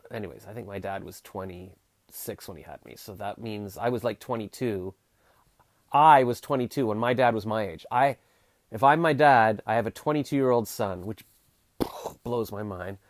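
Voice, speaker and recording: A man's voice: lowish voice, moderate pace, no room sound, clean studio sound. A Canadian man in his forties chatting on a livestream, rambling through restarts with wry, sarcastic asides. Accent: Canadian English. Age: 40s. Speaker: vlogger answering live chat. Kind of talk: casual rambling livestream chat.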